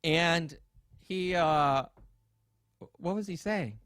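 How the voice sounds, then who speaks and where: A man's voice: fairly high pitch, very slow, fairly bright tone, no echo, studio quality. A man hosting a podcast, telling a story in casual, rambling chat, swearing and acting out quotes. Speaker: podcast host.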